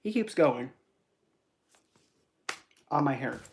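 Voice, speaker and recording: Young man, livestream chat, rambling and animated, lots of fillers. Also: mid-range voice, slow pace, vocal fry, slight background noise. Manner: rambling storytelling with many fillers. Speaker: spiritual reader streamer.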